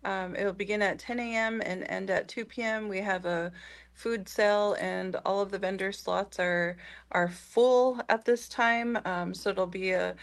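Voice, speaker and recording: A woman's voice: mid-range voice, fairly even intonation. Hesitant woman giving community announcements. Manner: halting, many "um" and "uh", informative. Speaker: community center guest. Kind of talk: casual radio announcement.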